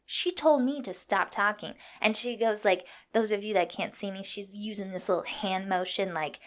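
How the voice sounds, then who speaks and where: A young woman from Iowa hosting a podcast, telling a story in a fired-up, profane, animated way. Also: mid-range voice, normal speed. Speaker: podcast host. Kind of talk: casual storytelling monologue.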